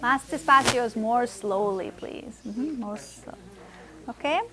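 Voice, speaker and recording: Woman teaching spanish to adults in a classroom, high voice, says phrases slow and repeats them, faint room noise. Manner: mixes English and Spanish, repeats phrases slowly for learners. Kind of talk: classroom language lesson.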